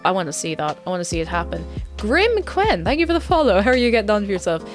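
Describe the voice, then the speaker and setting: A woman's voice: mid-range voice, very animated, quick pace, soft background music. A woman chatting casually with her viewers while playing a game, rambling and giggling between asides. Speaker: game streamer. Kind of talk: casual live-stream chat while playing.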